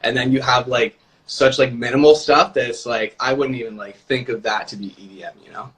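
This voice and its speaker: On a live-stream video call, a guest who produces music talks a little fast in a mid-range voice. His relaxed, casual conversation is loose and full of filler words, with "like" cropping up often.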